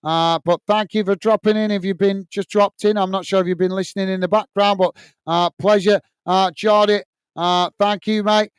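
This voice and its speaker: A man's voice: high voice, fairly even intonation, normal speed, clean tone, no echo. An English man hosting a football watch-along stream, signing off chattily with lots of "uh" and "mate". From England. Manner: chatty, repeats "mate", many "uh" fillers. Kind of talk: casual live-stream sign-off, reading viewer comments.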